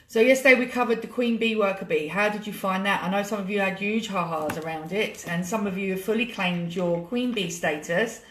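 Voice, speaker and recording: A woman's voice: mid-range voice, a little fast, few pauses, slight background noise. A British woman hosts a live coaching session from her laptop, talking in a chatty, emotional way and swearing freely. Her voice sits in the middle range and carries a noticeable room echo. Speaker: money coach hosting a live challenge. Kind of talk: casual live stream coaching. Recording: echoey room.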